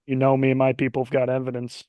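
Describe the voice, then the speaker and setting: A man playing in a tabletop role-playing game, talking in a calm, laid-back and slightly halting way. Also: medium pitch, dry recording, highs cut off. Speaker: player. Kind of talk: in-character tabletop role-play.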